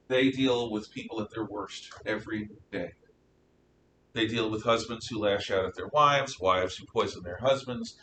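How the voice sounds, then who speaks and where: A male Bible class teacher talks in an emphatic, conversational style, posing questions and answering them himself. His voice is bright and crisp, picked up from some distance in a classroom with a faint rumble behind.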